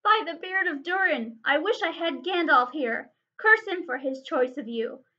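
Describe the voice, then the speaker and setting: A woman voicing a proud, wrathful male dwarf king who speaks sternly and shouts in rage. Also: high-pitched, moderate pace, muffled recording. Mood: raging.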